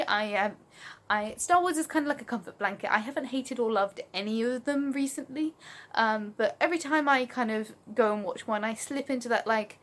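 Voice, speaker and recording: A woman's voice: fairly high pitch, fairly bright tone. A young English woman from Oxfordshire, rambling through a casual Q&A vlog with lots of ums, recorded on a phone. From Oxfordshire, England. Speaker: vlogger.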